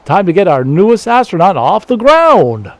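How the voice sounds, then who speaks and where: A man's voice: high voice, very animated, moderate pace, dry recording, voice pushed up. A Canadian man voicing an eager, cheerful alien launch-tower keeper in a video game, in an upbeat folksy read.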